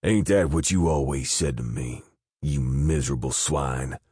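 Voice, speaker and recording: A man voicing a vengeful male convict riot leader who taunts in a slow, mocking drawl. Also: rumbling low, darkish tone, breathy edge, no room sound, studio quality, full character voice.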